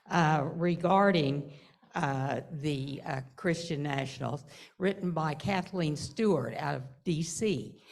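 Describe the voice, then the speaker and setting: A woman's voice: on the low side, rough recording. A woman in the audience asking a question from the floor, hesitant and full of fillers.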